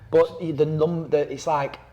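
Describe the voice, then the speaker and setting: A man's voice: a little high, unhurried, dull audio. A man, a campaigner talking casually on a podcast, rambling with fillers and restarts and acting out quotes in voices. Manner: animated storyteller who acts out quotes in voices. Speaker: anti-knife-crime campaigner and guest.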